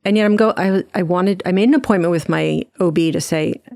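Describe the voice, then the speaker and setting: A middle-aged woman from New Jersey speaks as a podcast guest, giving a heartfelt personal testimony in a lower-pitched voice. She talks quickly and earnestly, often restarting her sentences. The recording is dry, with no room sound. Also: vocal fry, darkish tone, dry recording. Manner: earnest, fast storytelling with frequent restarts. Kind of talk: personal testimony in a conversational interview.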